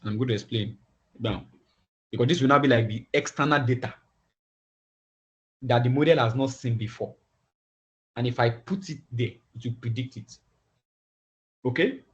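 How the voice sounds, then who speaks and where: A man teaching a class online, talking in halting phrases and often repeating words as he thinks aloud. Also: medium pitch. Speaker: instructor. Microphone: video call. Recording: dull lo-fi video call audio.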